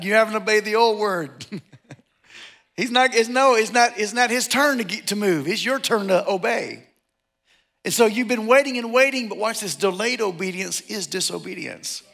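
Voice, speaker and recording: A middle-aged male pastor preaching a sermon, animated and joking, acting out the people he quotes. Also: high voice, vocal fry. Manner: animated, jokey, acts out quotes.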